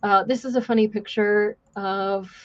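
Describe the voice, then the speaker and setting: A woman's voice: mid-range voice, steady tone, unhurried, dull audio. A woman livestream host, a former police officer, chatting casually and a bit profanely, mocking herself and reading out chat messages.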